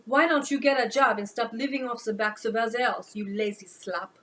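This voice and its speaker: A woman voicing a rude, spiteful French woman with a put-on French accent and a raspy, loud, taunting delivery in a self-read audiobook. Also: a little high, normal speed, natural voice, poor audio. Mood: scornful. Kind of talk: audiobook narration.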